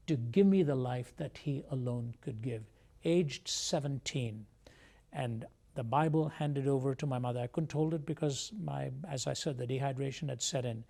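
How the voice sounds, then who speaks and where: Earnest gravelly-voiced man. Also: medium pitch, mellow. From India. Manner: measured, earnest storytelling. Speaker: guest. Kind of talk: telling his life story in a TV interview.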